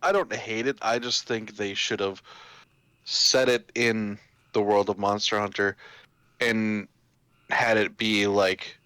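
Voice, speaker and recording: Male co-host, lowish voice, casual stop-start talk, dry close mic. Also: fairly even intonation, takes it slowly, sharp tone, clean tone, no echo. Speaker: podcast co-host. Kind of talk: casual chat.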